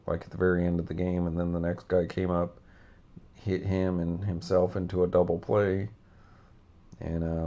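A man hosting a baseball card vlog, talking casually in a self-described monotone, rambling with many fillers and self-corrections. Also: sits low, vocal fry, lo-fi sound. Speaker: baseball card channel host.

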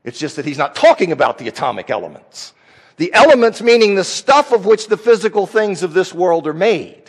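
A man with a notably high voice preaches a sermon, explaining scripture in a conversational way and repeating key phrases for emphasis. His voice rings out with a long hall reverb, like a church sanctuary. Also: very animated, a little fast. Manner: conversational Bible teaching with emphatic repetition.

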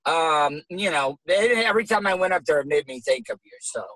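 A man's voice: on the high side, expressive, brisk, sharp tone, no room sound, rough recording. Chatty curious man, dry close sound. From Florida, USA. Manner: chatty, curious, swears casually. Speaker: host. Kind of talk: casual interview chat.

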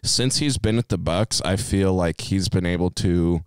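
Twenties male co-host, wisecracking and loose, low clear voice. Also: normal speed, no echo, studio quality. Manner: joking, swears freely, puts on silly voices for others. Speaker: podcast co-host. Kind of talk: casual chat.

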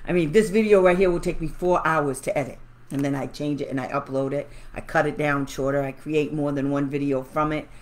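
Woman, special education advocate vlogger, heated indignant rants, casual livestream chat, lowish voice. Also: fairly even intonation, a little fast. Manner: chatty and pleading with viewers. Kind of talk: casual livestream talk to viewers.

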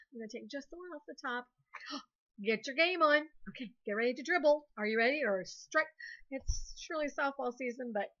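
A woman teacher leads young children through a recorded lesson in a cheerful, encouraging way. Her voice is high and bright, and she spells words out slowly, letter by letter. The sound is muffled and lo-fi. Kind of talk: recorded online classroom lesson.

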